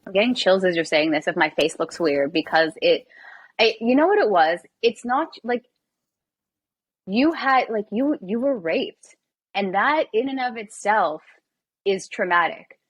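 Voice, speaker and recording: A woman's voice: medium pitch, lively intonation, a little slow, slightly rough, no room sound. A woman in her thirties hosting a podcast, empathetic and emphatic, talking in bursts with restarts. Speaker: podcast host. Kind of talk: interview conversation.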